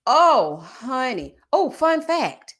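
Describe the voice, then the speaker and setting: A woman's voice: high-pitched, big pitch swings, very slow, fairly bright tone. A woman giving casual, sassy reality-TV gossip commentary and reading out viewer comments, calling her audience child and baby.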